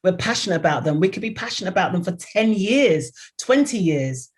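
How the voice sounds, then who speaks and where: A woman's voice: lowish voice, lively intonation, brisk. A woman PR expert giving a motivational talk, direct and earnest, coaching the listener step by step. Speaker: guest, PR expert.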